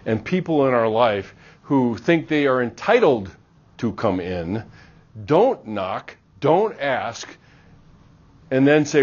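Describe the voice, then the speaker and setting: Man, middle-aged, university lecturer; animated, plays out dialogues; lo-fi classroom recording. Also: mid-range voice, slow pace, slightly rough. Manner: animated, acts out little dialogues.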